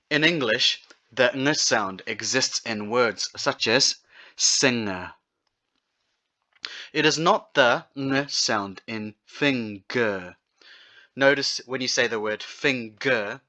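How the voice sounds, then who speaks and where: A man teaching pronunciation, slowly repeating each word for practice. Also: mid-range voice, bright, forceful tone. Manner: slow, deliberate, repeats words for practice. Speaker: language teacher. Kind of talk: pronunciation lesson. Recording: dull lo-fi sound.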